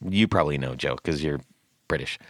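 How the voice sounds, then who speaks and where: A man hosting a casual podcast, telling trip stories in an animated way with frequent laughs. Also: a bass voice, a little fast, no echo. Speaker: podcast host.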